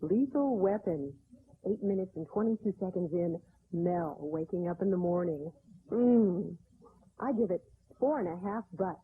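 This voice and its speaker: A woman's voice: on the low side, lively intonation, normal speed, close to an everyday voice. A woman playing a perky, gushing host of a silly TV segment. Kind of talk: sketch comedy TV segment. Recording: lo-fi broadcast audio, faint hiss.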